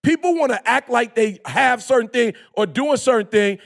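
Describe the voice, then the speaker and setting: Male motivational speaker, very high and gravelly, slangy and emphatic, prone to shouting. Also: lively intonation, moderate pace. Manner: preachy, emphatic, bursts into shouting; slangy, repeats phrases for emphasis. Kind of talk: impassioned motivational talk.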